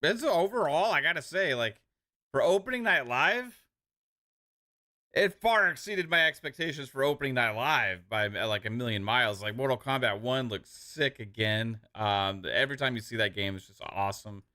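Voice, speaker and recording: A man's voice: medium pitch, expressive, normal speed, bright, forceful tone. A man co-hosting a live stream, chatting casually and enthusiastically about game trailers in loose slangy talk. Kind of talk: casual gaming show chat.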